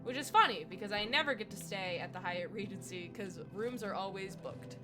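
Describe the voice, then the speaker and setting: A woman's voice: mid-range voice, expressive, fairly quick, few pauses, over music. A young woman from the US Midwest chatting casually on a gaming live stream, rambling through stories and talking to game animals as she plays.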